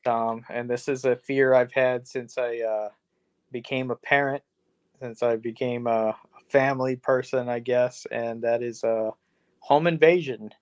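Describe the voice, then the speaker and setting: Brief: male podcast co-host, mid-pitched, casual, rambling, swears a lot. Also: steady tone, unhurried, clear, resonant tone. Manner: rambling, profane, self-deprecating.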